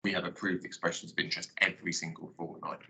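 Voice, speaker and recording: Senior officer, man, very low monotone, bright edge, briefing a board. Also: vocal fry, low-quality recording. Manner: measured, explanatory. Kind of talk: formal briefing.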